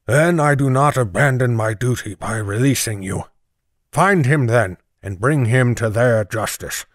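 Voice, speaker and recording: A man reading the part of a stern town constable in an audiobook, speaking in a grave, measured way. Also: medium pitch, dry recording, studio quality, lightly acted. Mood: hushed earnest. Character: stern middle-aged male town constable.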